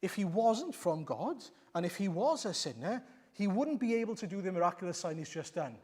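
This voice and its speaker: Man reading as a bold healed blind man, a little high, emphatic, church reverb. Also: big pitch swings, brisk, a little mellow. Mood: confident. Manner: emphatic, challenging. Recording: long reverb of a church hall.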